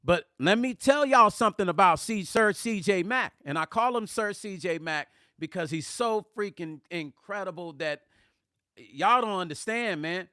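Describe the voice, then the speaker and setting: A middle-aged man hosting a live music vlog, reading viewer comments aloud in casual chat, animated and emphatic and repeating words for emphasis. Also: high-pitched, normal speed, dry recording, studio quality. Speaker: music vlogger hosting a livestream.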